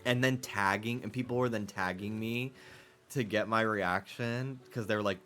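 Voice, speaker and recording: A man's voice: fairly low pitch, fairly even intonation, normal speed, a bit bright, soft background music. A man streaming a game and chatting casually, rambling and profane, sarcastic, laughing often, from the United States.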